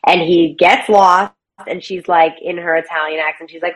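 A woman guest, a playwright and actor, chatting casually and animatedly, slipping into quick character voices as she retells a story. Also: fairly low pitch, steady tone, rough recording. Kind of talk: casual conversational interview.

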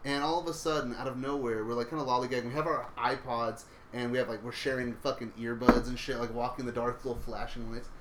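A man's voice: mid-range voice, steady tone, fast talker, few pauses. A young man telling a story in laid-back, casual talk, swearing freely as a podcast guest. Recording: roomy with faint noise.

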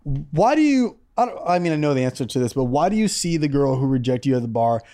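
A man's voice: medium pitch, very animated, fast, dark tone. A young man co-hosting a podcast, telling crude stories in casual comedic chat and breaking into mocking impressions. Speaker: podcast co-host.

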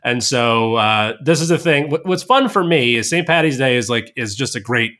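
An American man co-hosting a podcast, chatting casually about movies in a joking, easygoing way. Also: mid-range voice. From United States. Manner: lively, joking, quick to laugh. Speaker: podcast co-host.

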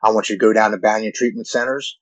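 Earnest man in his forties, low voice. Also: fairly even intonation, no room sound, rough recording. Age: 40s. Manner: earnest, halting, repeats words when moved. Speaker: guest telling his recovery story. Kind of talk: emotional personal storytelling.

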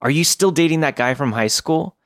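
A man's voice: on the high side, a bit bright, dry recording, studio quality, voice pushed up. A man voicing a chirpy, pushy young woman caller who gushes and fires off prying questions. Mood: gushing. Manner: gushing, rapid-fire prying questions.

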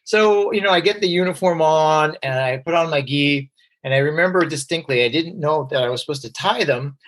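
Male guest, chatty storyteller who slips into voices for quotes; a bit high. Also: fairly quick. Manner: lively, acts out quoted voices, many fillers. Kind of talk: personal storytelling.

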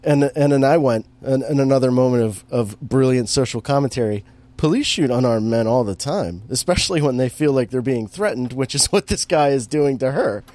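A man's voice: mid-range voice, fairly quick, darkish tone. A man in casual chat, recapping a movie with lots of fillers and restarts and an amused tone. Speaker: podcast co-host recapping a movie.

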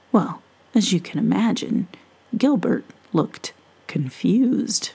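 A woman reading a children's story aloud in a soft, half-whispered, playful voice. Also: mid-range voice, animated, slow. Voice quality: breathy, soft, playful with made-up words.

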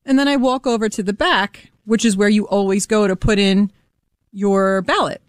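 A woman's voice: medium pitch, normal speed, no echo. A woman co-hosting a talk radio show, telling stories animatedly and acting out the voices of the people in them. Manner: animated storyteller who acts out voices. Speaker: radio co-host. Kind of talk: casual talk radio banter.

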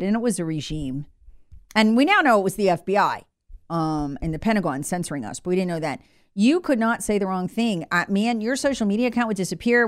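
Female talk radio host, mocking and indignant, very animated delivery. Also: mid-range voice. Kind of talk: opinionated talk radio monologue.

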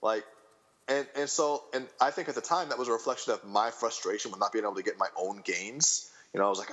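A man in his thirties chatting casually as a podcast guest, rambling and animated, with lots of fillers and restarts. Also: mid-range voice, fast, lo-fi sound.

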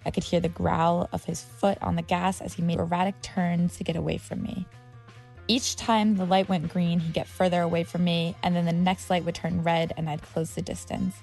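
A woman's voice: lowish voice, little pitch movement, normal speed, vocal fry, a little mellow, faint music behind. A woman telling her own story as scripted narration, tense and vivid. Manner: tense, vivid storytelling with heated quoted outbursts.

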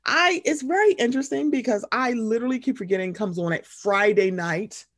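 A woman co-hosting a podcast in casual chat, animated and expressive, swearing freely. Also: a little high, a little fast. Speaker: podcast co-host.

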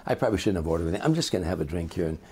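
A man's voice: low voice, animated, rapid-fire, a little mellow, slightly rough, pitched below the performer's own voice, exaggerated voice. A man putting on the voice of a famous crooner, easygoing and politely brushing off fuss, in a retold anecdote. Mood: relaxed, polite. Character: famous crooner, calm, unfussy older man.

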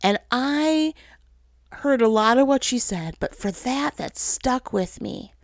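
Earnest woman preacher with a gravelly edge. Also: fairly high pitch, lively intonation, slow pace, dry recording, clean studio sound. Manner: earnest, emotional, speaks to listeners as "guys". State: tearful. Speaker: pastor's wife giving a message. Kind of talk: sermon, personal testimony.

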